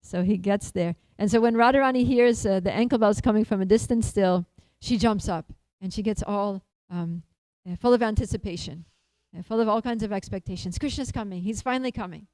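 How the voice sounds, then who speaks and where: A woman speaker at a temple feast, telling a devotional story in an animated way, laughing often and using many fillers. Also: medium pitch, brisk, hardly any pauses, no echo, low-quality recording.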